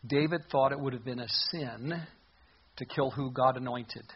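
Male pastor, mid-pitched, emphatic verse-by-verse teacher, slightly raspy. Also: normal speed, dull audio. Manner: reads scripture aloud then comments conversationally, emphatic. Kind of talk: expository Bible teaching.

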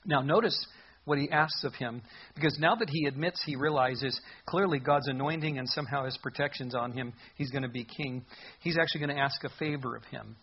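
Male pastor, mid-pitched, emphatic verse-by-verse teacher, slightly raspy. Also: brisk, muffled recording. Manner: reads scripture aloud then comments conversationally, emphatic. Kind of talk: expository Bible teaching.

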